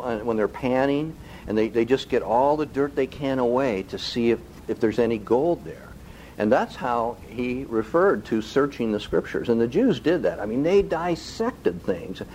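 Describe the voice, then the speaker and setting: A man preaching a sermon who keeps asking the congregation rhetorical questions and slows down to stress key phrases. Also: medium pitch, darkish tone, a little hiss or hum, poor audio. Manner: slow, deliberate emphasis on key phrases.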